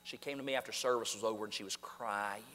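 A man pastor preaching a fiery sermon, swinging from shouts down to hushed, near-whispered lines. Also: lowish voice, fairly even intonation, fast talker, big-room sound, a little hiss or hum. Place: church sanctuary.

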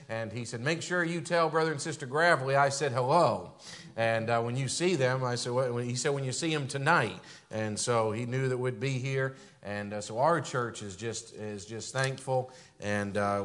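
A man from the northern United States speaks as a visiting pastor in a church sanctuary. His voice sits in a middle range, and he leans on "and, uh" between phrases. When he exhorts, he gets louder and climbs higher. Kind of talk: church pulpit greeting and testimony.

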